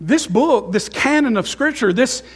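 A middle-aged male pastor preaching a sermon in a church, emotional, with swings between loud, fervent passages and quiet, musing asides. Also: extremely high pitch, animated, a little slow, husky. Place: church sanctuary.

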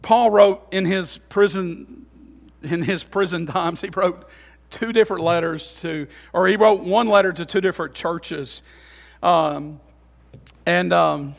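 A man with a very high voice preaching a sermon. He moves between loud, emphatic rises and quiet, low asides, and he restarts and repeats phrases as he teaches. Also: normal speed, creaky. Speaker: pastor.

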